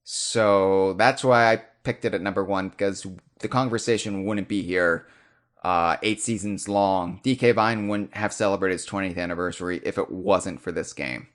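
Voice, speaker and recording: Heartfelt low-voiced man in his thirties. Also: fairly bright tone. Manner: heartfelt, reflective, halting with restarts. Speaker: podcast host. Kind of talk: casual podcast chat.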